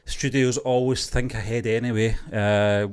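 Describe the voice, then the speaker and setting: Speaking a little slowly in a medium-pitched, steady voice that is darkish and clean, a man co-hosts an online movie news livestream. He reads news aloud and chats loosely, with fillers throughout.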